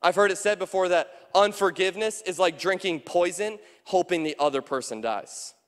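Pastor preaching with hall reverb. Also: male voice, sits high, moderate pace. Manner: conversational, asks the room questions, acts out quoted voices. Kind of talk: sermon. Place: church sanctuary.

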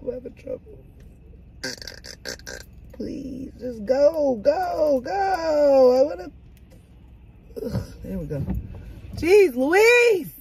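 A woman chatting casually to her camera from inside a car, animated and swearing freely as she talks to herself. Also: deep voice. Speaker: vlogger. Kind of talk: casual car vlog chat. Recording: car noise behind the voice. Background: vehicle ambience.

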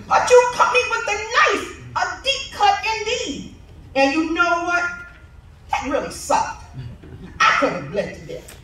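A woman giving a eulogy as a spoken-word poem, laughing through lines and swinging from loud to hushed, recorded from far off in a funeral hall. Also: sits high, slight background noise. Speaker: family member giving a eulogy.

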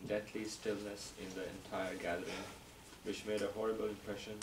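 A man in a reading group, reading a story aloud in a steady, careful way. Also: fairly low pitch, brisk. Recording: roomy, distant mic with clear noise.

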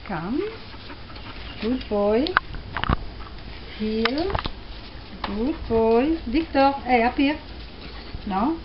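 A woman's voice: fairly high pitch, drawn-out words, pauses often. A woman with an Australian accent training her foster dog, giving short commands and praise. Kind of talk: training a dog on home video. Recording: muffled noisy home video.

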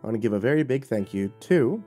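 A man narrating a horror story and hosting his channel, slowing to a dramatic hush on key lines. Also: on the low side, soft background music.

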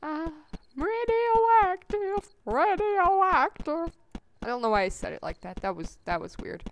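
Excitable woman narrating her gameplay. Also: fairly low pitch, fast talker, gravelly, slight background noise. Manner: chatty and excitable, gasps at finds, squeals and sing-song calls. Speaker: gameplay commentator. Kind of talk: casual let's-play commentary.

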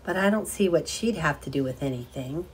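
A woman reading a story aloud and voicing a sad, timid young woman who speaks softly and hesitantly. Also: deep voice, animated, brisk, a little hiss or hum. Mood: sad wistful. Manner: soft, wistful, hesitant.

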